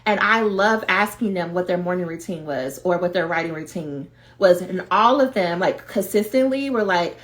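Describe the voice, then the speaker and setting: A woman giving a livestreamed coaching talk to doctoral students, direct and animated. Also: on the low side, normal speed, hardly any pauses. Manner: animated, direct, acts out quoted voices. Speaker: dissertation coach.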